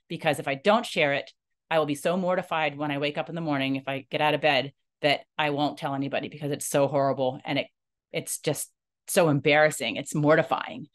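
A woman with a slightly low voice speaks in an emotional personal monologue. Her delivery is earnest and halting, full of restarts, and it swings up and down in pitch as she talks things through. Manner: animated, rising and falling in pitch. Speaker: nonprofit leader sharing a personal story.

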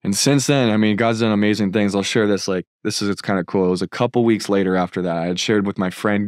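Earnest low-voiced man giving testimony. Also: quick pace, few pauses, dry recording, studio quality. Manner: earnest, fervent storytelling that builds to an appeal. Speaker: filmmaker and content creator. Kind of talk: personal faith testimony.

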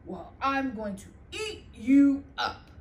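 A woman voicing a grumpy troll under a bridge, slow and menacing, in a roomy echo. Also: high-pitched, sing-song, heavily acted.

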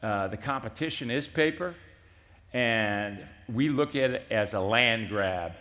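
An older man, a company CEO, speaking at a conference fireside chat and telling animated stories with acted-out dialogue. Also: on the low side, a little slow. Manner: animated storyteller, acts out quoted dialogue. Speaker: CEO being interviewed. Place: conference stage.

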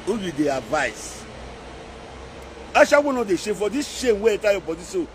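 A man's voice: high voice, sing-song, moderate pace, a little hiss or hum. Scolding Nigerian Pidgin-speaking man. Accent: Nigerian Pidgin English. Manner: scolding, repetitive, mocking. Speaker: social media commentator. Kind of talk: scolding live-video rant.

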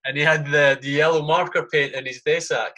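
His voice is a little high and sharp, fairly even in intonation and a touch fast. A podcast guest in his thirties who serves as an army sergeant, he casually tells war stories, swearing heavily, dropping "mate" into every sentence, and playing out his earlier reactions.

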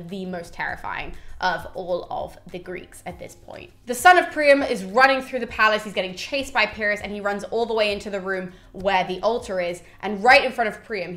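A woman's voice: mid-range voice, fairly bright tone. A young woman retelling an ancient epic as a casual lesson, chatty and irreverent, acting out lines with mild swearing. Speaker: mythology explainer.

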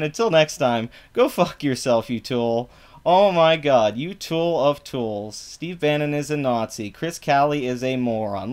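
A political commentary vlogger rants about online posts in a mocking, profane tone, his pitch swinging loudly up and down.

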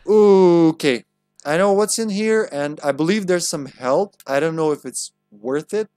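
A man's voice: on the high side, normal speed, darkish tone, no room sound, soft background music. Joking man streaming a game. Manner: joking, crude, talks back to the game. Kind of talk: live gameplay commentary.

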